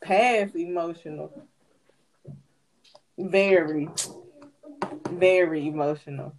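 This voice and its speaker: A woman's voice: fairly low pitch, fairly even intonation, takes it slowly, darkish tone, slight background noise, rough recording. A young adult woman co-hosting a casual podcast, teasing her co-host in playful banter. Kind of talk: casual chat.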